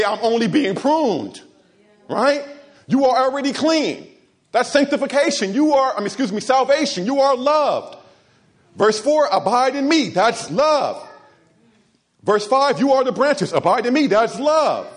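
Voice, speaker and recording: A man preaching a sermon, moving between quiet asides and raised, emphatic exhortation, often repeating words as he builds a point. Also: extremely high pitch. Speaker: pastor.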